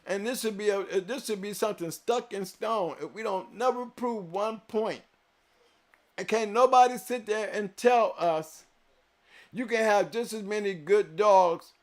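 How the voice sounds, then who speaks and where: A man hosting a live stream, talking to his viewers in an emphatic, preachy way, repeating his points and swinging between loud declarations and quiet reflection. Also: extremely high pitch. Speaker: show host.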